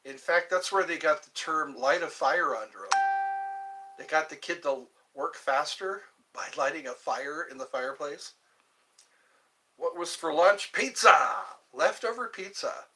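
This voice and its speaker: An older man hosting a livestream, rambling casually and joking to himself in a slow, meandering way. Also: fairly high pitch, sharp tone, low-quality recording. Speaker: livestream host.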